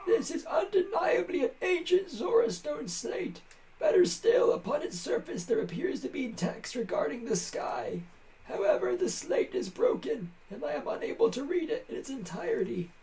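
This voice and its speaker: A man's voice: very high voice, warm tone, slight background noise, voice pushed up, full character voice, rough recording. A man voicing an old male fish-folk scholar from a game, formal and wordy, reading the dialogue aloud. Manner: grand, formal reading with drawn-out musings.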